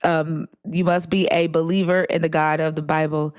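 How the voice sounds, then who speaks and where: A woman's voice: deep voice, flat delivery, moderate pace, a little mellow, no room sound, studio quality. A woman hosting a live stream, blunt and teasing. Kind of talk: casual live-stream chat.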